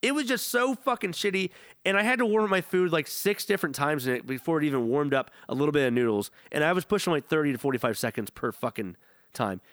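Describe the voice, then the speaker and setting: A young man rattles off a profane, rambling story at high speed, his voice bouncing all over. He sits a little higher in pitch than most men. The sound is close and dry. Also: expressive, fast talker, fairly bright tone, no room sound. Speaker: podcast co-host. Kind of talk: casual chat.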